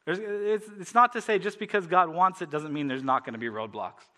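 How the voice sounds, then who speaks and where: A man's voice: on the high side, a little fast, bright, forceful tone. A man from Canada preaching a sermon, telling personal stories in a casual way with many fillers and frequent laughter.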